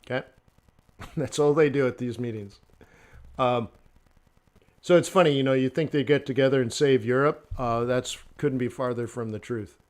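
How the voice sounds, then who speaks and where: A man's voice: mid-range voice, moderate pace, pauses often, a little mellow. A man hosting a trading livestream, rambling through joking anecdotes in a casual way. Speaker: forex livestream host.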